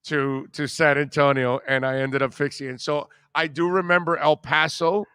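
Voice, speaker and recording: A man hosting a talk radio show, telling a rambling, animated personal story in casual conversation. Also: fairly high pitch, normal speed, clear, resonant tone, no echo.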